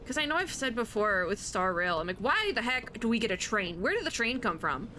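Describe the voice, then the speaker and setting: A woman giving casual, excitable reaction commentary as a VTuber, chatty and gushing. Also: a little high, a little fast, slight background noise. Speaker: VTuber reacting to an animated short. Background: faint music from the video.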